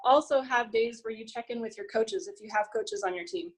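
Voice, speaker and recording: A woman's voice: fairly high pitch, expressive, a little fast, creaky, husky, poor audio. A woman in her thirties, a health coach and nurse, sharing tips in a friendly, hesitant way with many fillers. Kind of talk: sharing tips on a group call.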